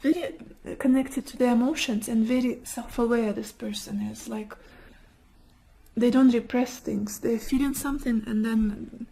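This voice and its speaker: A woman giving a gentle, emotive tarot card reading, whose first language is not English and who often drops into a near whisper. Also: fairly high pitch, unhurried, gravelly, rough recording. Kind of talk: soft-spoken pick-a-card tarot reading.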